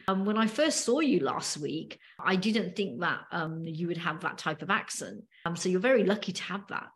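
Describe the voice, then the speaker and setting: A middle-aged woman with a British accent, co-hosting a podcast and telling a story slowly with many pauses and fillers. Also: on the low side, lively intonation, a bit bright. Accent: British English. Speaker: podcast co-host. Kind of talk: casual podcast discussion.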